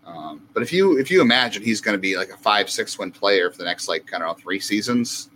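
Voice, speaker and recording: A man's voice: on the low side, animated, brisk, a bit bright, a little hiss or hum, rough recording. A man co-hosting a casual sports podcast, thinking aloud about numbers with many fillers. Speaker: podcast co-host.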